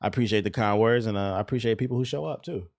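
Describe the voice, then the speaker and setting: A young male streamer giving casual reaction commentary, brash and full of jokes and swearing. He talks at a quick clip. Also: fairly low pitch, a little mellow, a little hiss or hum. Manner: brash, joking, profane. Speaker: streamer reacting to a game preview.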